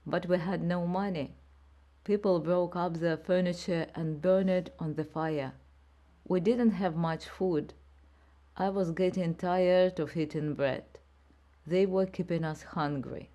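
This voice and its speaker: Slow, low-voiced woman narrator. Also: steady tone, warm tone. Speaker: audiobook narrator. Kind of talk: slow scripted narration for learners.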